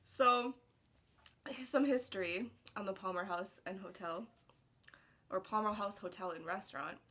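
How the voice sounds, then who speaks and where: A woman's voice: mid-range voice, measured pace, a bit bright. A young woman from Minnesota with a Minnesotan accent, co-hosting a casual podcast chat and laughing often. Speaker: podcast co-host.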